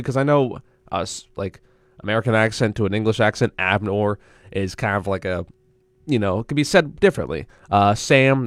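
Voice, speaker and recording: A man's voice: on the low side, dry recording. A young man hosting a college radio show, chatting alone in a rambling, self-interrupting way into a studio mic. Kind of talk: casual solo radio chat.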